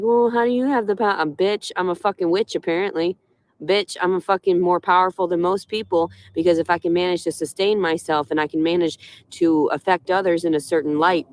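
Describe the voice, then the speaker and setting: A woman ranting bitterly on a livestream from inside her car, sarcastic and swearing heavily. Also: on the low side. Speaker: livestreaming vlogger. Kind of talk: profane ranting monologue.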